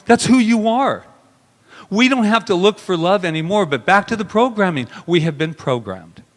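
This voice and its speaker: A male minister preaching a sermon in a slightly high voice, and the sound rings out with a long reverb across the hall. He talks intimately and emotionally, dropping to soft murmurs and rising into sudden bursts. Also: expressive, moderate pace. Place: spiritual center sanctuary.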